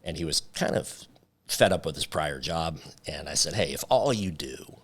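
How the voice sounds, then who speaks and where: Deep-voiced man telling a lively story. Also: moderate pace, husky. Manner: lively storyteller who acts out quoted dialogue. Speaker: company founder guest. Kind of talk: casual interview storytelling.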